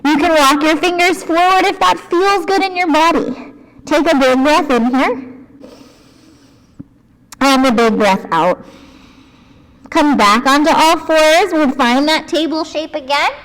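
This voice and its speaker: A woman leading a children's yoga class, gentle and playful, encouraging the kids and making animal noises. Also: high voice, measured pace, long pauses, long reverb tail.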